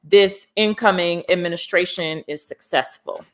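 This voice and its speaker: A woman with a lowish voice hosts a live talk show. She is earnest and encouraging, reading out viewer comments and drawing her guests into the conversation. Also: normal speed, a bit bright.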